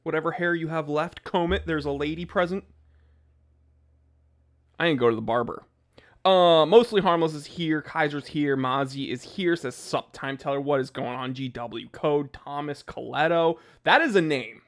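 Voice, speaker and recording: A young man with a slightly high voice chats loosely through a livestream from his home office. He jokes, rants and greets viewers by name in a loose, chatty way. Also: moderate pace. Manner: joking, ranting, reads chat names aloud. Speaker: watch channel host. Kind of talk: casual livestream chat.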